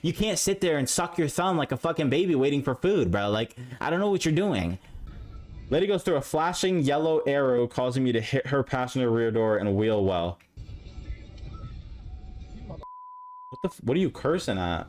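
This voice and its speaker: A man's voice: medium pitch, expressive, moderate pace, long pauses, a little mellow, soft background music. Exasperated, swearing male streamer. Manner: profane, exasperated, talks straight to the drivers. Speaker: streamer reacting to dashcam clips. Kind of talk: casual reaction commentary.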